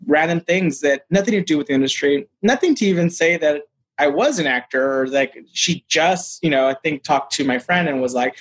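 Animated, higher-voiced man telling stories. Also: a little fast. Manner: animated, acts out quoted dialogue; frequent fillers like "like" and "you know". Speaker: actor guest. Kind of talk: casual interview storytelling.

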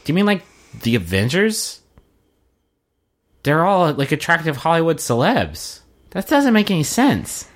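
A man's voice: on the high side, wildly swooping pitch, a little slow, pauses often. A man co-hosting a podcast, recapping a show in casual chat with a wry, sardonic manner and casual swearing. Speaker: podcast co-host.

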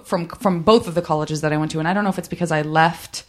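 A woman's voice: deep voice, fairly even intonation, quick pace. A woman hosting a podcast, asking long, rambling questions with frequent restarts in casual chat. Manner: rambling, self-correcting questions. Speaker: podcast host.

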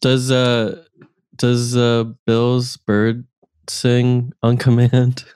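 A man's voice: medium pitch, completely flat delivery, drawn-out words, darkish tone, clear, resonant tone. A man co-hosting a comedic call-in game show, hesitant and laughing often. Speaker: co-host.

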